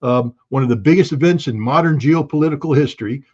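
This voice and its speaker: A man's voice: medium pitch, quick pace. Brief: a man as a guest analyst, blunt and emphatic, mid-range voice, on muffled lo-fi audio. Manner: blunt, emphatic, bursts of alarm. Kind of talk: interview commentary.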